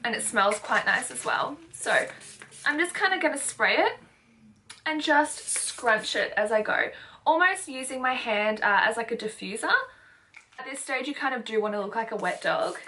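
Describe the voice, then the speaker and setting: A woman's voice: fairly high pitch, lively intonation, moderate pace, pushed and bright, a little hiss or hum. A young woman chatting through a beauty tutorial, bubbly and emphatic, with lots of repeated words for stress. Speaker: beauty vlogger. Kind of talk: casual makeup tutorial talk.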